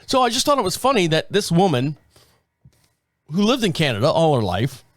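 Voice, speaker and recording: A man's voice: a little high, huge pitch swings, a little fast, a bit bright, no room sound, clean studio sound. A middle-aged man hosting a show, telling rambling stories in casual chat, laughing often and acting out quotes. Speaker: show host.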